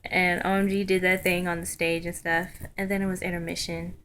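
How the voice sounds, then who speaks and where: A young woman telling a story in a casual vlog, chatty and excited, full of ums and likes. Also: fairly low pitch, a little fast, slight background noise. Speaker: vlogger.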